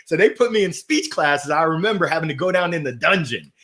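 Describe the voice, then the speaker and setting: A man hosting a motivational livestream, talking with playful energy and giving shout-outs to viewers. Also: a little high, lively intonation, a little fast. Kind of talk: upbeat motivational livestream talk. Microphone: gold microphone.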